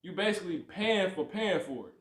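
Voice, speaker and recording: A man with a fairly high voice teaches scripture on a livestream, rising and falling as he presses his points and keeps checking in with his listeners. He sounds preachy and talks in loose, repetitive bursts. The sound carries a strong room echo. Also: fairly quick. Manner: preachy, repeats "you see" and "you know what I'm saying", animated swings. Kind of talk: livestreamed Bible lesson.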